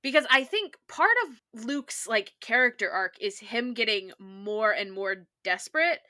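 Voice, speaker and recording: A woman's voice: on the high side, measured pace, pushed and bright. A woman co-hosting a podcast, chatting casually and enthusiastically about a TV episode, with lots of "like". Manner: chatty, peppered with "like". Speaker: podcast co-host. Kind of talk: casual chat recapping a TV episode.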